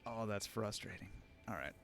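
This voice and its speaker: A man's voice: fairly low pitch, moderate pace, creaky, fairly bright tone, soft background music. A man with a Pacific Northwest accent giving sardonic live commentary as he plays a game, swearing often. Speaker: game streamer.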